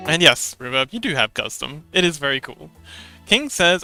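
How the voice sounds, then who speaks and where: A man's voice: on the high side, very animated, very slow, vocal fry, pauses often, bright, forceful tone, faint music behind. A man streaming live, chatting casually with viewers and reading chat aloud, with frequent stammered restarts and giggles.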